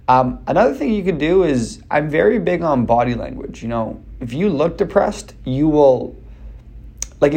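A man talking casually as a speech coach, energetic and direct, with many fillers and restarts. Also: mid-range voice. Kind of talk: casual advice talk.

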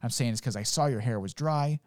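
Fast-talking profane dad telling stories. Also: male voice, medium pitch, dry recording, studio quality. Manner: profane storytelling, acts out quotes. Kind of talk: casual chat.

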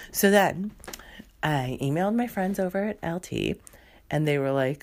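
Low-voiced woman telling a story with sarcasm. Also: animated, moderate pace. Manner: sarcastic, exasperated, acts out both sides of a phone call. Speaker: podcast host. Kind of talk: comedic storytelling monologue.

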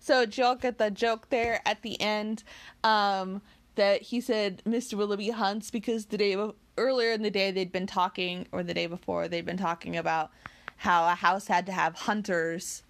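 A woman's voice: mid-range voice, steady tone, normal speed. A woman reading a classic novel aloud, with occasional slips and self-corrections. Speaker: audiobook reader.

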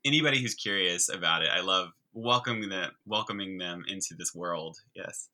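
Brief: male podcast guest, lower register with a sharp bright edge, eager teacherly explainer. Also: brisk, poor audio. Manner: enthusiastic, chatty explainer. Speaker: guest, sign language teacher. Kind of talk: conversational explaining.

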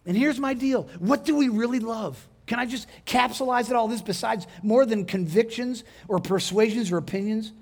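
Male pastor with a high voice, preaching in a conversational style and quizzing the congregation. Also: moderate pace, few pauses. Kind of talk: sermon.

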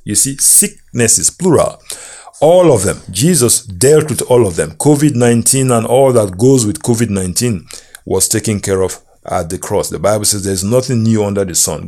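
A man preaching a sermon, slow and emphatic, reading and quoting scripture with measured repetition. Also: on the low side, mellow.

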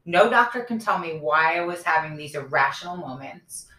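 A woman's voice: low voice, normal speed. A woman in her thirties co-hosting a casual podcast, telling a personal story candidly and acting out the lines of the people in it. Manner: candid storytelling, animated retelling of dialogue. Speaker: podcast co-host. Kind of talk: casual chat. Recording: echoey room.

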